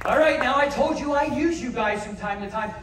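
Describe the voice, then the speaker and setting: Joking stage performer in an echoey theater. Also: male voice, very high-pitched, fairly quick. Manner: joking crowd banter, cheers loudly. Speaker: variety performer. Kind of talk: live stage comedy patter. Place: large cruise ship theater. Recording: echoey theater filmed from far off. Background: audience noise.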